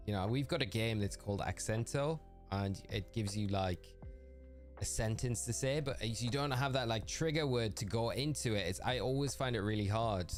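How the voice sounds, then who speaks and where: A livestreamer from the north-east of England chats easily with his viewers in a lowish voice, his northeastern English accent plain throughout. He laughs often and answers people by name, and faint music plays softly behind him. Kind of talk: casual livestream chat while gaming.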